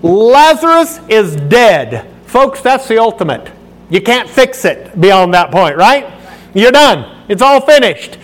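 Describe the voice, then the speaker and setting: A male pastor preaching a sermon with animated, emphatic storytelling. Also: sits high, a little slow.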